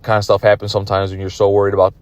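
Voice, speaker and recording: Low-voiced man, tired, rambling pool commentary, recorded in a car, dry sound. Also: completely flat delivery, racing, no room sound. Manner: rambling, self-critical, frequent restarts. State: tired, yawning. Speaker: pool player commenting on his own match. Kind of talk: casual video commentary. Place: in his car.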